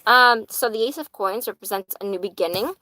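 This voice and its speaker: A woman's voice: on the high side, a little fast, bright, forceful tone, dry recording, low-quality recording. Chatty woman reading tarot live. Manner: chatty, laughs easily, swears casually. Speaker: tarot reader. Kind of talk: live-stream tarot reading, casual chat.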